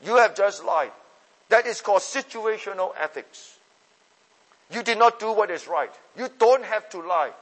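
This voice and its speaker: A man with a high voice preaches a sermon with force, repeating his phrases and moving from loud calls to soft asides. His words ring out with a long reverb, as if he were in a large hall. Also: animated, normal speed.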